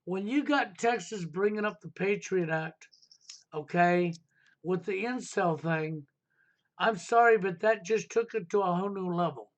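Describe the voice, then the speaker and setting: A man's voice: high voice, unhurried. A man hosting a live stream, ranting insistently and repeating rhetorical questions. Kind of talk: heated political talk stream.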